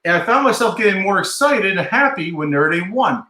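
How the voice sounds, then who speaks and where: Male guest from New Jersey, high bright voice, chatty, roomy sound. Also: animated, brisk. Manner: chatty, storytelling, fatherly. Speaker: podcast guest. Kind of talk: casual interview chat.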